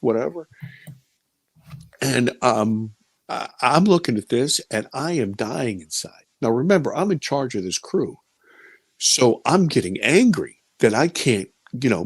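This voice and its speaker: A middle-aged man, a film producer, telling a personal story in an interview, animated and emotional, swinging between loud and hushed. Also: mid-range voice, no room sound.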